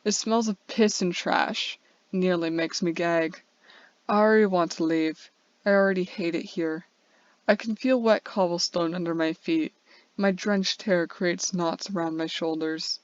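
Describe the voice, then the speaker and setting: A woman's voice: on the low side, fairly even intonation, unhurried, no room sound. Woman narrator, earnest first-person story read, slight slips, dry and dull lo-fi sound. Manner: earnest, with small slips and restarts. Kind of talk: first-person fiction reading. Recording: dull, dry lo-fi home recording.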